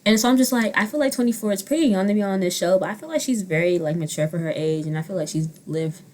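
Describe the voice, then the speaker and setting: A young woman in her twenties riffing on a reality show straight into her own mic. She talks bluntly and swears freely. Her voice leaps from loud, animated bursts to soft, muttered asides. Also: mid-range voice, quick pace. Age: 20s. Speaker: vlogger. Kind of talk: casual reality show commentary. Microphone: own handheld mic.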